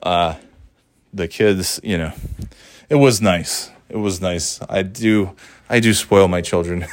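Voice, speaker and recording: Speaking slowly in a deep voice, this middle-aged father recounts a family holiday in a loose, talkative storytelling vlog, frequently laughing and imitating others' lines. There's no room sound, though he's in a warm indoor space.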